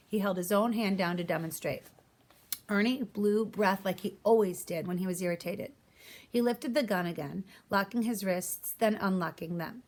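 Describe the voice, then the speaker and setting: A woman reading a children's novel aloud, narrating and giving voice to each character. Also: medium pitch. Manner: reads aloud, voicing each character's lines. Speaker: audiobook reader. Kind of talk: storybook narration.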